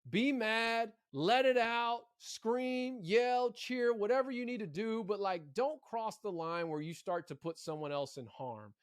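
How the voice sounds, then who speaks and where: A man co-hosting a casual college sports podcast, animated and stumbling over repeated words as he talks. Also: high voice, a little slow, few pauses, smooth, dry recording, studio quality. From Arkansas. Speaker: podcast co-host.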